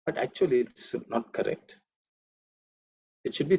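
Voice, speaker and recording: A man teaching an online Sanskrit class, explaining chants slowly, repeating words and adding "okay" and "you know" often. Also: mid-range voice, darkish tone, breathy edge, muffled recording.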